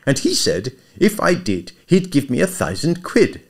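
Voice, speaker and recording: A man voicing a dim, excitable young upper-class English gentleman who sounds plaintive and flustered. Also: fairly high pitch, a little slow, voice pushed up, full character voice. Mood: rambling.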